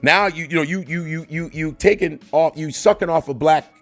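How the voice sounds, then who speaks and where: Animated man retelling a heated story. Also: fairly high pitch, normal speed, faint music behind. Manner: animated, profane, quotes others. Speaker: guest. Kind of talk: casual storytelling in conversation.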